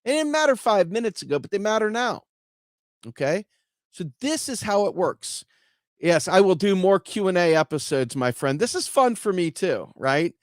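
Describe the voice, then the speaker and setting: A man hosting a casual explainer talk, telling stories in an animated, conversational way. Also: high-pitched, normal speed, no echo, studio quality. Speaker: host.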